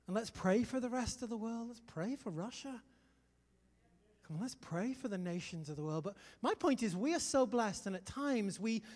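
A man from England with a Liverpool accent, preaching a sermon in a lively, chatty way with jokes to the congregation. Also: high-pitched, in a large hall. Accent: Liverpool English. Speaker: pastor.

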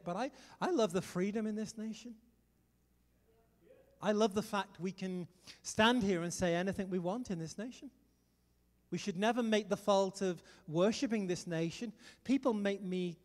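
A man from England with a Liverpool accent, preaching a sermon in a lively, chatty way with jokes to the congregation. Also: high-pitched, big-room sound. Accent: Liverpool English. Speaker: pastor.

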